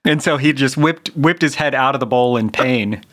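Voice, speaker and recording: A man's voice: mid-range voice, normal speed, fairly bright tone. A man playing a tabletop role-playing game, hesitant and giggly as he describes his character. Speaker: player. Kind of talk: tabletop role-play chat.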